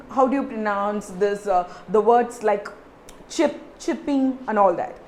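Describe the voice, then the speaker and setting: A woman's voice: fairly high pitch, warm tone, slight background noise. A woman with an Indian English accent teaching pronunciation, repeating words and spelling them out letter by letter. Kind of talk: teaching lesson to camera.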